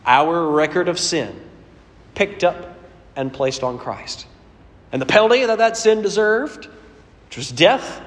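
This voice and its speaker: A pastor delivers a sermon in an earnest, storytelling manner, shifting between loud emphasis and quiet asides. He has a mid-range voice, and the sound suggests a big room.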